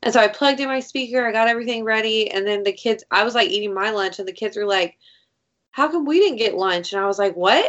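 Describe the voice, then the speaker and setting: A woman chatting casually as a podcast co-host, her voice of medium pitch. She tells stories in an animated way, acting out what people said and swearing freely. The sound is a little dull and lo-fi. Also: fast, few pauses. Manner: animated storytelling, acts out quotes, swears freely. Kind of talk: casual chat.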